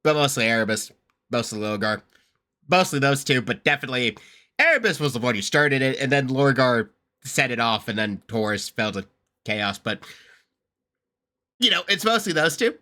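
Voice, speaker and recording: A man talks through a reaction video in loose, rambling asides, cursing and laughing as he goes. His voice is sharp and bright, and his pitch swings up and down a lot. The talk is casual and unscripted. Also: normal speed, long pauses. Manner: rambling, excitable, swears freely and laughs often.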